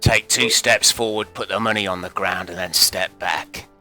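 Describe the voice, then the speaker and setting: A game master voicing a gruff, threatening male kidnapper during a tabletop game. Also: deep voice, steady tone, normal speed, sharp tone, faint music behind, voice pushed down. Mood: menacing. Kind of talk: tabletop game role-play.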